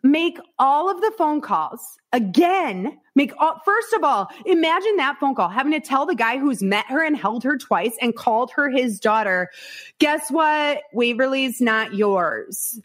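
Her voice sits high with a fairly bright tone, very animated, at normal speed with few pauses. This Iowa woman, a podcast guest in a candid storytelling interview, tells her story frankly, acting out quotes and frequently swearing and laughing.

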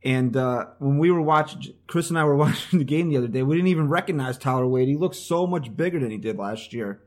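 A man's voice: mid-range voice, quick pace. Podcast host, male, North Jersey accent, casual question-led delivery.

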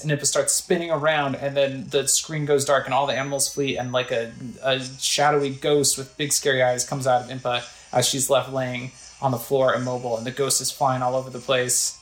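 A woman's voice: a bass voice, level tone, fairly quick, hardly any pauses, reverberant, rough recording. A woman casually playing a video game, chatting about what's on screen and reading text aloud. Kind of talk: casual let's play commentary.

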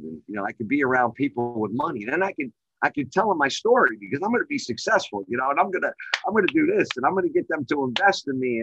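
A man's voice: fast talker, husky, dry recording, highs cut off. Rambling middle-aged man on a call. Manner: rambling, heavy on filler phrases; gets excited and louder at high points. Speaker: guest, real estate developer. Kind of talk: casual storytelling on a call. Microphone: remote call microphone.

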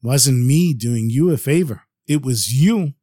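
A man as a gentle, wise old rebbe. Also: mid-range voice, animated, measured pace, no echo, clean studio sound. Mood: tender. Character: wise, tender older male rebbe.

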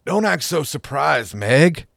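A man's voice: on the high side, very animated, slow pace, creaky, fairly bright tone, no echo, studio quality, voice pushed up, heavily acted. A man doing a sneering, menacing ex-husband. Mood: taunting. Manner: taunting, sneering delivery. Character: menacing, manipulative adult ex-husband.

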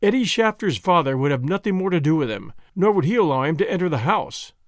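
Lively, expressive male storyteller. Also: on the high side, quick pace, no echo, clean studio sound. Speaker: audiobook narrator. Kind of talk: scripted narration.

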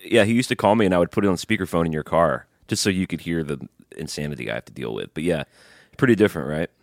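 A man's voice: deep voice, animated, fast, dry recording, studio quality. Laid-back, wry podcast co-host man. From Montgomery, Alabama. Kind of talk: casual comedic chat.

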